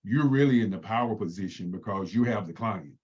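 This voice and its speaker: A man in a group discussion offering measured advice, often restarting his sentences. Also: animated, a little mellow, breathy edge. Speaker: workshop participant. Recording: muffled low-fidelity audio.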